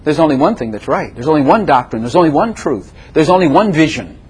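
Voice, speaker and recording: An older man preaching a sermon as a pastor, emphatic and repetitive, swinging between loud declarations and softer asides. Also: on the high side, expressive, fast, husky.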